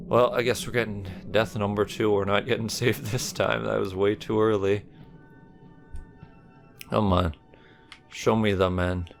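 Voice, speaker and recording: Male let's player, low gravelly voice, rambling jokey gameplay commentary, burpy, yelps high when startled. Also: little pitch movement, measured pace, background noise. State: burpy while talking.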